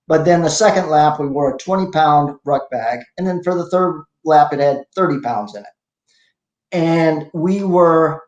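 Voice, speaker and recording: An older man in his sixties, a bit high-pitched, recounts his athletic experiences in a loose, self-deprecating way, often restarting his sentences. His voice carries a noticeable room echo. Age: 60s. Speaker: masters CrossFit athlete guest. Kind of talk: casual interview storytelling.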